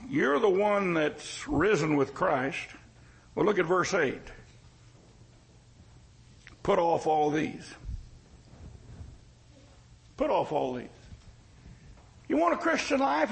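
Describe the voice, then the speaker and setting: A man's voice: extremely high pitch, vocal fry, fairly bright tone, low-quality recording. A male pastor preaching a sermon in a folksy, joking way, with emphatic repetition.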